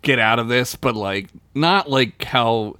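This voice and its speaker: A young man co-hosting a podcast, chatting in an animated, jokey way. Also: mid-range voice, a little slow, clear, resonant tone, no echo. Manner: animated, jokey, breaks into silly voices. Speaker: podcast co-host. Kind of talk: casual chat recapping a TV episode.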